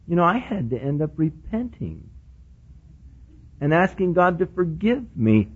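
A man preaching a sermon, telling a personal story and acting out the dialogue, dropping to quiet murmurs and rising to excited bursts. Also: a little high, measured pace, pauses often, husky, phone-quality sound. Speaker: pastor.

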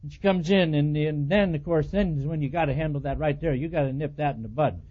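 A man with a high voice preaches a sermon, telling animated personal stories and acting out both sides of the dialogue. The recording is dull and lo-fi. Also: fast talker. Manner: animated storytelling, acts out quoted dialogue, chuckles at himself.

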